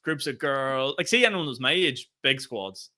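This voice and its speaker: A young Northern Irish man telling a long, animated story on a casual podcast, cursing freely and laughing as he goes. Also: medium pitch, moderate pace. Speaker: podcast co-host.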